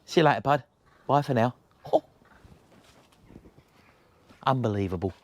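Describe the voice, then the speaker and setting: A man's voice: mid-range voice, unhurried, a little mellow. A man on a comic phone call, cheerful and teasing.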